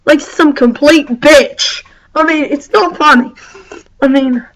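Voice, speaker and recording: A woman's voice: sits high, animated, slow, pauses often, rough recording. A woman ranting angrily and swearing a lot, her talk full of "like" and "I mean". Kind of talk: angry rant.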